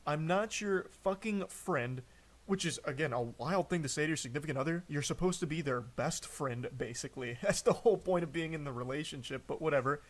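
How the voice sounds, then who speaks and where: A man's voice: fairly high pitch, quick pace, hardly any pauses. A man streaming live, mocking and picking apart text messages as he reads them aloud, swearing often. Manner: incredulous, mocking commentary with frequent swearing. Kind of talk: live-stream reaction commentary.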